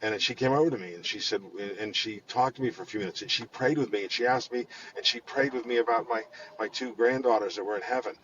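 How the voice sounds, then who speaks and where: A man guest telling long stories in an interview, animated and full of restarts and repeated words. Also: medium pitch, quick pace, few pauses, muffled recording, a little hiss or hum. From Pittsburgh area. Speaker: guest, financial firm head. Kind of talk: conversational storytelling in an interview.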